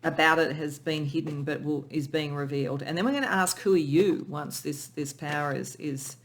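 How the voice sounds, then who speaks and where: A tarot reader speaks gently and spiritually through a pick-a-pile reading, and is moved close to tears. Sentences often restart as the reader searches for words, with the voice sitting at a middle pitch. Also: normal speed. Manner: emotional, soft and spiritual, with many restarts. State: tearful.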